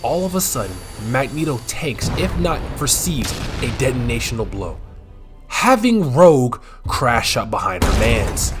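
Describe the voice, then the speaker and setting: Animated slangy man narrating a recap. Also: mid-range voice, normal speed, over music. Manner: slangy, animated, swings to loud outbursts. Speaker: recap commentator. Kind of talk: comedic show recap narration.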